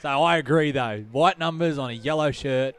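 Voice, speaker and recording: A man reports from the sideline in a fairly high voice. He is laid-back and joins in the banter with the commentary box. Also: normal speed, a little hiss or hum. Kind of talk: rugby league commentary.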